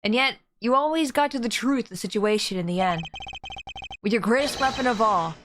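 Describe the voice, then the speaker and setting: A woman's voice: fairly high pitch, a bit bright, no room sound, lightly acted. A woman reading as a formal male prosecutor. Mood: earnest. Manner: formal, measured reasoning. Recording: game music behind voice.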